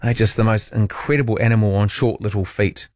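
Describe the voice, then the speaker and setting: A man's voice: lowish voice, brisk, slight background noise. A man with a New Zealand accent hosting overnight talk radio, chatting and telling rambling stories between listener messages. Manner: chatty, rambling storyteller with animated asides. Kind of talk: late-night talkback, reading listener texts. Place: radio studio. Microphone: studio microphone.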